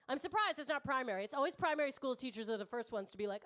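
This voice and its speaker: A woman's voice: high-pitched, expressive, very fast, a bit bright. A woman in her thirties doing stand-up comedy, brash and teasing the crowd, swearing freely. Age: 30s. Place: comedy club stage before a live audience.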